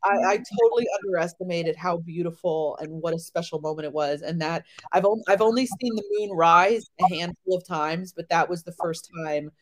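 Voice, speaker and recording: A woman in her thirties, a podcast guest, telling travel stories in a chatty, animated way with lots of fillers. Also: on the low side, brisk, hardly any pauses, rough recording. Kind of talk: casual chat.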